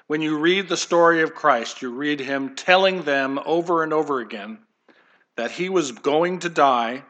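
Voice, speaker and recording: Middle-aged guy preaching a sermon, kinda high and bright, chatty little jokes. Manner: conversational, with light humor and asides. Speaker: pastor.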